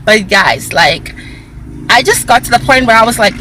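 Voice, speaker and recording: A woman telling a casual storytime vlog, animated, talking to her viewers and acting out what people said. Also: a little high, moderate pace, background noise. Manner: acts out quoted dialogue in raised voice. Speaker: vlogger.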